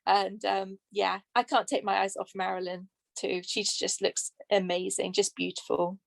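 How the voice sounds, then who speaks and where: A woman's voice: mid-range voice, level tone, normal speed, gravelly, dry recording. A woman author with an English accent, chatting casually on a podcast and laughing often. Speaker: author guest.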